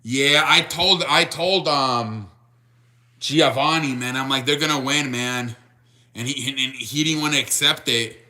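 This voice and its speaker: Bright young man chatting on a live stream. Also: mid-range voice, measured pace. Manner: rambling, restarts, reads chat aloud. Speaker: sports show host. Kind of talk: casual live-stream chat with viewers.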